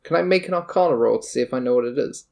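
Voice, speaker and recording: A man playing in a tabletop game, measured, explaining his actions plainly. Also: mid-range voice, creaky, darkish tone. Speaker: player.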